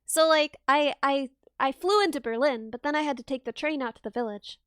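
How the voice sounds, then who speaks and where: A woman with a very high, sharply bright voice chats on a livestream, giggling and bubbly, poking fun at herself. The sound is close and dry, with no room around it. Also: brisk, no echo. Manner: giggly, bubbly, self-deprecating. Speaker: streamer. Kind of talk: casual livestream chat.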